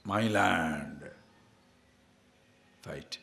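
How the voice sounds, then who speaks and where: Swami giving a lively discourse. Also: male voice, low-pitched, extremely slow, gravelly. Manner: anecdotal, asks listeners to see and understand; animated, laughs at his own stories. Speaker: spiritual teacher. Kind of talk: spiritual discourse on scripture.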